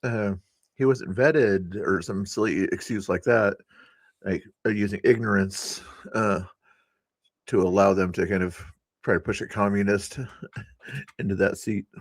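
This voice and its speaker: A man with a fairly low voice gives loose political commentary on a live stream. He talks to his chat in a rambling way, with plenty of fillers and little laughs. The sound is dry, with no room echo. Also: measured pace, long pauses. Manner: rambling, with frequent fillers and chuckles.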